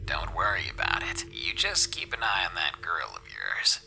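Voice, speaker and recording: A man's voice: deep voice, wildly swooping pitch, normal speed, gravelly, slight background noise, voice pushed down, heavily acted. A man voicing a menacing male trucker killer who taunts in a sinister whisper over the radio in a storybook horror reading. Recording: whisper over loud dark music.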